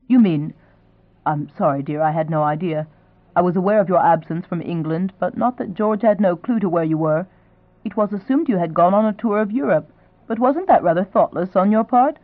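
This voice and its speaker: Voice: medium pitch, moderate pace, no echo, natural voice. A reader voicing a gracious elderly duchess. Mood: genteel. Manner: genteel, pleasantly insistent. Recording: dry, thin phone-like sound.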